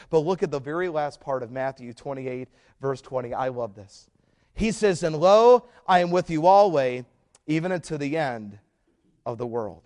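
A man preaching a sermon as pastor, swinging from hushed stretches to loud emphatic climbs. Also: fairly high pitch.

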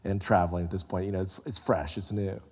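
A man preaching a sermon, animated, swinging from loud exclamations to hushed, low asides. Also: fast. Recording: long hall reverb.

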